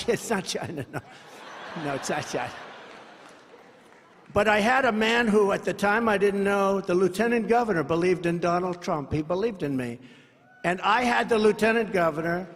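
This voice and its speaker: A man's voice: high-pitched, moderate pace. Older man rambling at a rally. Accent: New York. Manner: rambling, boastful, asides to the crowd. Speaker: political speaker at a campaign rally. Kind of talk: rally speech. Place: large rally venue. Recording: echoing hall with faint ambience.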